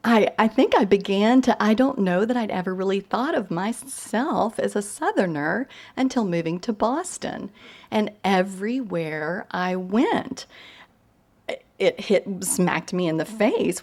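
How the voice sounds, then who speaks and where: This Southern novelist from East Tennessee has a medium-pitched, darkish voice. At a reading she spins humorous, self-deprecating tales, chatting along with plenty of fillers and laughs in a Southern American accent.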